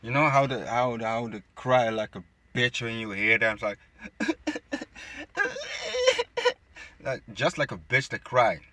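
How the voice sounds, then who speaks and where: A man's voice: mid-range voice, steady tone, moderate pace, hardly any pauses, pushed and bright, no room sound. A man reading scripture aloud and commenting on it, stumbling over words and adding mocking asides. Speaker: bible teacher. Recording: close dry phone screen recording.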